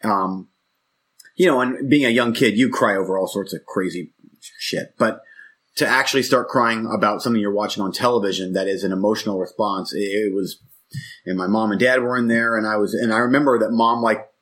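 A man's voice: lowish voice, fairly even intonation, brisk, fairly bright tone. A man in his forties co-hosting a podcast, talking in a rambling, reflective way that keeps breaking off and restarting. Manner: rambling, reflective, self-interrupting. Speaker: podcast co-host. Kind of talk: casual chat.

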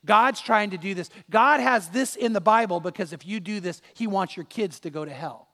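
A pastor preaches with a fairly high voice, firing rhetorical questions at his congregation. The man's voice rings out in a church sanctuary with a long trailing reverb. His delivery is emphatic and direct. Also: normal speed, creaky, a bit bright. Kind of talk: sermon.

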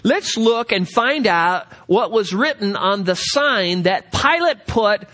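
A man teaching a Bible study lecture, directing listeners to passages and reading scripture aloud slowly with emphasis. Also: high voice, expressive, sharp tone.

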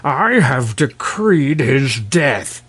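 A man's voice: big pitch swings, slow pace, a little mellow. A man voicing an irritable, bossy king. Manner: irritable, commanding, shrill when angry. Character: short-tempered impatient male king.

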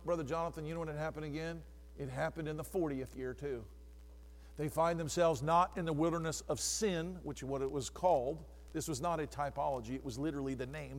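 A male pastor preaching a sermon, calling on congregants by name and swinging from hushed asides to shouts. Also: on the high side, long reverb tail.

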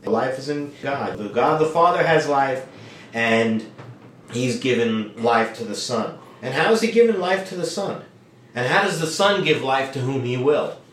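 A man's voice: mid-range voice, animated, measured pace, a bit bright, a little hiss or hum. A man leading a Bible study conversation, teaching with emphasis and many rhetorical questions. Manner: emphatic, acts out quoted lines, asks rhetorical questions. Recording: echoey room, distant mic.

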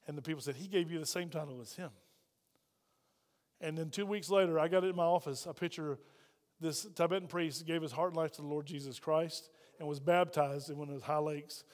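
Male pastor, middle-aged, high-pitched, dynamic sermon delivery that rises and drops, long reverb. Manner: storytelling preacher, swings between loud and hushed. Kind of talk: sermon with story. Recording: hall reverb.

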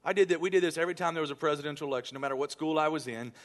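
Preacher man with a slightly high voice. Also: racing. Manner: storytelling with hushed prayer and raised quoted voices. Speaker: pastor. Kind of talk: sermon. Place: church.

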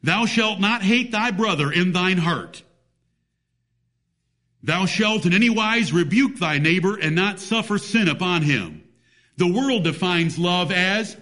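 A man's voice: sits high, lively intonation, a little slow, fairly bright tone. A man preaching a sermon, emphatic, reading scripture in old-fashioned biblical wording.

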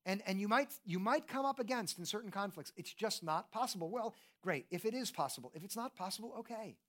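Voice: mid-range voice, animated, brisk, fairly bright tone. Earnest, conversational preacher. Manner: conversational, earnest, asks the congregation questions; often repeats "and, and" when starting a thought. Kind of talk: sermon.

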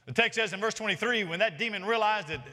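A male pastor delivers an expository sermon in a high, fast, sharp-toned voice, speaking emphatically and rising on his key points. The long reverb of a large hall surrounds the recording.

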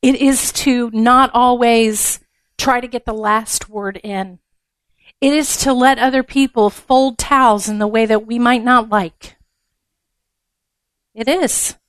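A woman preaches to a gathering of women in a frank, down-to-earth way, with blunt humor. Her voice sits a little high. The sound is dry and close. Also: steady tone, slow pace, no echo. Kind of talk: conversational sermon.

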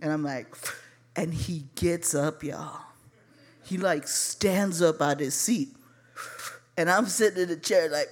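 A woman from Chicago telling a personal story live, animated and profane, calling her listeners y'all. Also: low-pitched, slow, long pauses.

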